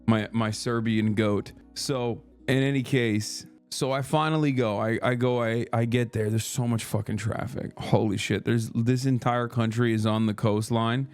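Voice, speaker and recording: Man, middle pitch, livestream chat, profane, animated storyteller, faint background music. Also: moderate pace, hardly any pauses, dry recording. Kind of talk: casual stream chat.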